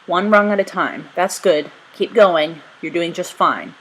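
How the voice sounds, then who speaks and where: A woman's voice: fairly low pitch, a little slow, husky, poor audio. A woman voicing a brave young male explorer who speaks earnestly and reassuringly.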